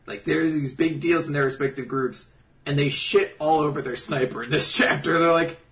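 A man co-hosting a casual recap chat, laughing and swearing through quick asides. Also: fairly high pitch, steady tone, fairly bright tone, recorded from a distance. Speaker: podcast co-host.

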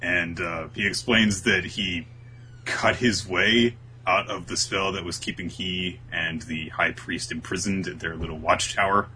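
His low, steady voice sounds pushed and bright as he speaks without hurry, over a little hiss or hum. The man co-hosts a casual podcast, recapping a manga chapter and jumping into quoted lines from its characters.

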